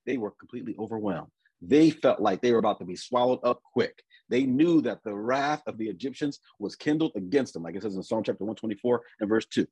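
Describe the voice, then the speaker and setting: A man preaching a conversational sermon, often repeating and restarting his words and reading scripture slowly. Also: fairly low pitch, expressive, a little mellow, slightly rough, no room sound, rough recording.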